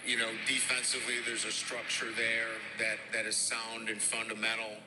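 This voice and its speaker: A middle-aged man, a head football coach with a Boston and Midwestern accent, answering press conference questions in a halting way with many fillers. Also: fairly low pitch, completely flat delivery, very noisy. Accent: Boston and Midwestern with some Louisiana. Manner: halting, heavy on fillers and restarts.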